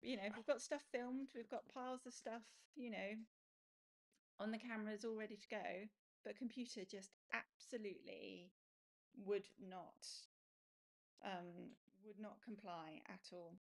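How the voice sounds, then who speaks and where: A woman's voice: medium pitch, steady tone, a little slow, low-quality recording. A woman co-hosting a casual live stream, making light self-deprecating asides and laughing easily.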